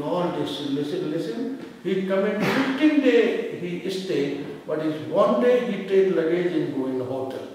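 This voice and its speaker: Man preaching in a booming echoey hall. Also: lively intonation, recorded from a distance, a little hiss or hum. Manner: halting non-native English, swells into loud chanting. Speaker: guru giving a lecture. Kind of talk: devotional sermon.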